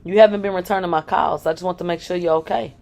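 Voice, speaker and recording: A man's voice: sits high, fairly even intonation, quick pace, gravelly, darkish tone. A woman reading out the lines of a controlling, manipulative man, her former lover, in a brash, dismissive way that turns coaxing.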